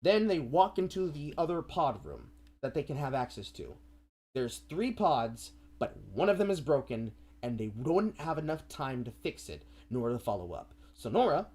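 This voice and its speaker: Animated man recapping a film. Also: medium pitch, normal speed, husky. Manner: animated, profane storytelling. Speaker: stream co-host.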